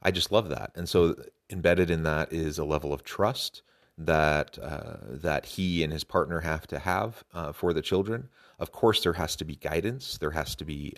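A man hosting a podcast, talking earnestly and enthusiastically about a talk, with some fillers and restarts. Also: very deep voice. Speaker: podcast host. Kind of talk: podcast commentary.

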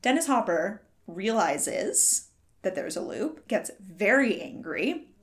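Animated woman retelling a movie. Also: medium pitch, slow pace. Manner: animated retelling with acted-out quotes, swears casually. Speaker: podcast co-host. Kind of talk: casual movie recap chat.

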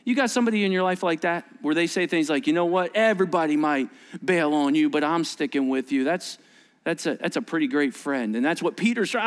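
A male pastor preaching a sermon in a conversational, animated way, acting out quoted voices and asking the listeners questions. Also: fairly high pitch, fairly quick, smooth. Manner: animated, acts out quoted voices with sudden rises; conversational, asks the congregation questions.

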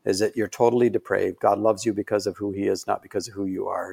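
A man's voice: fairly low pitch, little pitch movement, fast, gravelly, hardly any pauses, darkish tone, husky. A middle-aged man telling a story in casual conversation, rambling with lots of fillers and restarts. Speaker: guest.

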